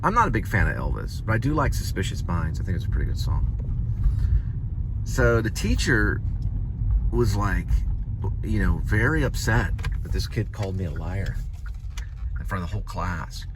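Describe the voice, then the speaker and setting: A man's voice: deep voice, big pitch swings, moderate pace, long pauses. A man vlogging and telling a childhood story in a casual, rambling way, with fillers. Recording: outdoor traffic noise behind. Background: passing cars, city noise.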